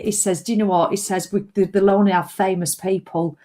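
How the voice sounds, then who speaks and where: A woman's voice: medium pitch, a little fast, dark tone. A middle-aged woman, rambling and self-mocking in a fitness vlog. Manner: rambling, self-mocking, breaks into sung jingles. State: hiccups. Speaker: fitness vlogger. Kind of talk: chatty live video.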